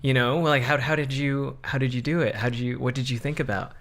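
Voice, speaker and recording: A man's voice: medium pitch, steady tone, brisk, a bit bright. Teasing man co-hosting a podcast. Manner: teasing, affectionate interjections. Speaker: podcast co-host. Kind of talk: casual chat.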